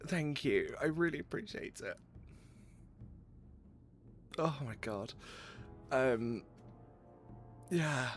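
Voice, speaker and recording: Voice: medium pitch, lively intonation, drawn-out words, long pauses, faint music behind. A game streamer, talking live in an effusive, exclaiming way and swearing freely.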